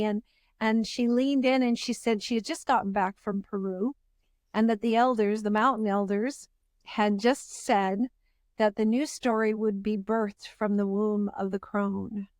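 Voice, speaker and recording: A woman's voice: mid-range voice, steady tone, normal speed, darkish tone, no room sound, clean studio sound. A woman hosting a podcast, talking in an earnest, searching way with frequent restarts. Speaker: podcast host. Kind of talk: reflective interview chat.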